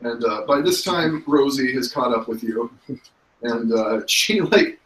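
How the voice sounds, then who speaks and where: A man's voice: medium pitch, animated, measured pace, a bit bright. A man narrating a tabletop game as game master in a loose, chatty way, full of fillers. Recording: roomy, distant mic.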